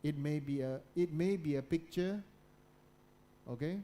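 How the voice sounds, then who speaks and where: Guy w a slightly high voice doing a motivational talk, repeats himself a lot, keeps checking in with the crowd, goes soft and low a lot. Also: measured pace. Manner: repetitive, keeps checking in with listeners. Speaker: guest speaker.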